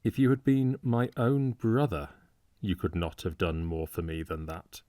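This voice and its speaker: A bitter, excitable young medical student from an old storybook, voiced by a male reader. He speaks with harsh, mocking sarcasm, and his words come out intense and pointed. The sound is dry and close. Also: a bass voice, normal speed, no echo.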